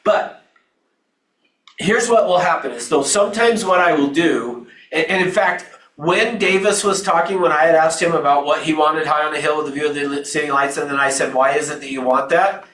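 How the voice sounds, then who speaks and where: A man leads a live training class, talking loosely and restarting his sentences as he explains. His voice sits a bit high for a man. He stands well back from the mic in an echoey training room. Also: normal speed, fairly bright tone, far from the mic. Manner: conversational, with restarts and asides. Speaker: real estate trainer.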